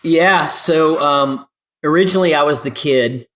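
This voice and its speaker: A man in his fifties, from California, telling lively stories as a podcast guest and acting out quoted dialogue. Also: a little high, unhurried. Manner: animated storyteller, acts out quoted dialogue. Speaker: guest climber. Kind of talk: storytelling interview.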